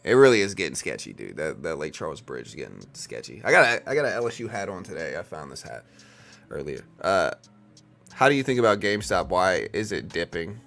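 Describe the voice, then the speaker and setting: A man hosts a live trading stream, talking loosely and filling gaps with "like" and "you know." His voice sits very low. Faint music plays behind him. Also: sing-song, brisk, creaky, fairly bright tone. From South Louisiana. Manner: rambling, filler-heavy, calls viewers bro and dude. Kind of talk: casual live-stream chat.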